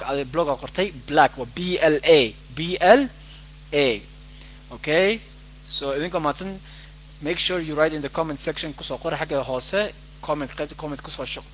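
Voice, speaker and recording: A man teaching an English lesson online, reading student sentences aloud and spelling words out letter by letter, with slow, careful English and quick asides. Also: fairly high pitch, fairly bright tone, slight background noise, poor audio.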